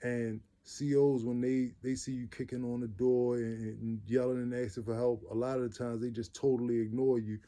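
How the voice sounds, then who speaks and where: A man tells his own story in loose, everyday speech. His voice is mellow and dark, set at an ordinary middle pitch. He talks earnestly and leans on repeated phrases for weight. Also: little pitch movement, normal speed, few pauses. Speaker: vlogger telling his own life story. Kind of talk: casual personal storytelling.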